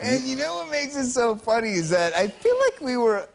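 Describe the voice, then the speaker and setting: A man's voice: extremely high pitch, big pitch swings, moderate pace, vocal fry. A man guest in a casual chat, bantering and joking. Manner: laughing banter. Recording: loud background noise.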